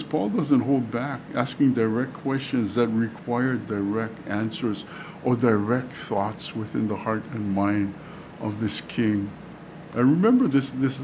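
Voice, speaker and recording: Halting, conversational man preaching a sermon. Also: mid-range voice, darkish tone, a little hiss or hum. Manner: conversational, halting, many fillers and restarts. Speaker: pastor. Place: church sanctuary.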